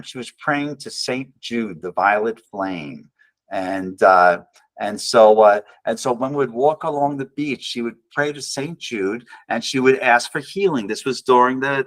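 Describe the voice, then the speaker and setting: Man, guest speaker, rambling storyteller, wry sarcastic humor, mid-pitched voice. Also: fairly bright tone. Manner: rambling, self-correcting, acts out quoted voices. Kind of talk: personal storytelling talk.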